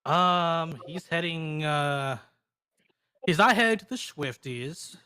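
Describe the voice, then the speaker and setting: High-voiced man, casual player. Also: slow pace, bright, forceful tone, clean tone. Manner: hesitant, thinking aloud. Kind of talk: casual game chat.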